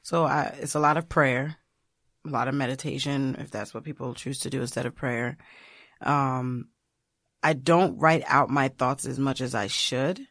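A woman's voice: very deep voice, normal speed, no echo, studio quality. A woman guest on a podcast, talking casually and expressively, acting out her own quotes as she tells stories. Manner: animated, expressive storyteller who acts out quotes. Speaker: guest, blogger. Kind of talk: casual interview chat.

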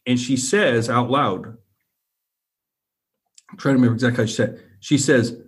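A man's voice: mid-range voice, moderate pace, pauses often. Earnest man retelling a frightening encounter. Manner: repetitive, keeps checking in with the listener. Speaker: guest telling a personal encounter. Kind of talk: earnest first-person storytelling.

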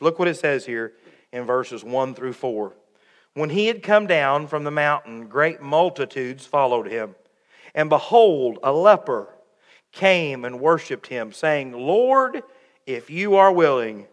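A man's voice: mid-range voice, fairly bright tone, big-room sound. A young man preaching a sermon as pastor, earnest and intent, breaking into joking asides about his family. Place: church sanctuary.

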